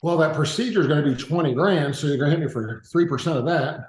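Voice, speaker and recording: A man's voice: a little high, quick pace, reverberant, low-quality recording. A man as a podcast guest, griping in casual chat, laughing along and often agreeing.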